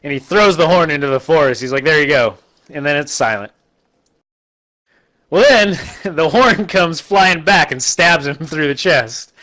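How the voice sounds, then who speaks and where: A man with a slightly higher voice rambles through a movie recap in a deadpan, offhand way. He keeps slipping into quick, exaggerated character voices as he retells the scenes. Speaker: host recapping a bad movie. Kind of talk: casual comic movie recap.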